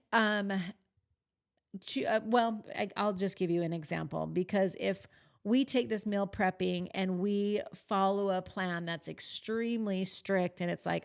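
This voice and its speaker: Woman coach, thirties, casual candid talk, restarts and fillers, reassuring. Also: mid-range voice. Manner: thinking aloud with frequent restarts and fillers. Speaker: fitness resort coach.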